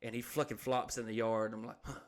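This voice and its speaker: A man's voice: fairly low pitch, level tone, a little fast. A man co-hosting a podcast who tells crude, rambling stories, swears constantly and acts out the people in them. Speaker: podcast co-host. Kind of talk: crude casual storytelling.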